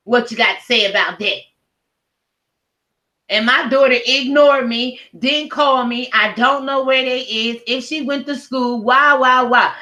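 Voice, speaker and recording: A woman's voice: fairly high pitch, pushed and bright. A middle-aged woman ranting at home in a blunt, profane, heated commentary video. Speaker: commentary vlogger. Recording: roomy echo.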